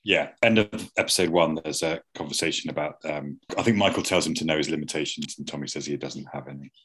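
A man with a very low, husky voice steadily recaps what happened in an episode. He lays out the plot points one by one in an easygoing podcast chat. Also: fast talker, fairly bright tone. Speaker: podcast co-host. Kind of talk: casual TV discussion.

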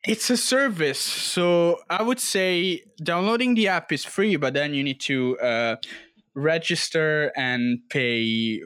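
A man brainstorming a comedy pitch in casual talk, excitable, laughing often and tripping over repeated words. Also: takes it slowly, clear, resonant tone, no echo, studio quality. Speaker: improv brainstorming participant.

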